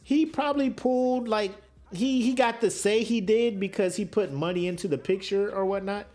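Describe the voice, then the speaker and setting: A man's voice: high voice, normal speed, a little mellow. A man co-hosting a podcast in casual chat, joking and slangy, laughing often. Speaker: podcast co-host.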